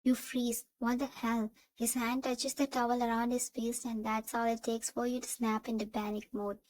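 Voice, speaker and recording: A woman reading second-person fan fiction narration in an even, steady way. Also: on the high side, moderate pace, dry recording, rough recording.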